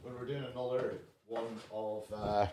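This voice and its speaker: A man's voice: medium pitch, steady tone, warm tone. A man co-hosting a comedy podcast, rambling and swearing casually about a film. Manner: sweary, rambling, quick to laugh. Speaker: podcast co-host.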